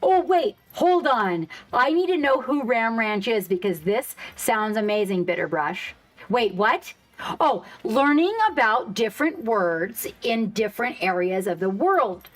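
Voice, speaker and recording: A woman's voice: on the high side, expressive, a little slow. A woman hosting a casual live stream, chatting loosely with viewers, swearing freely and reacting to the chat.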